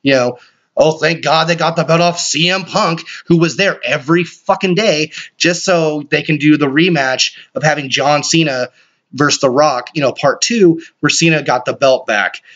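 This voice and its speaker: A man hosting a solo podcast, rambling excitably and swearing often. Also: fairly high pitch, normal speed. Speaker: podcast host. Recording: dull lo-fi recording.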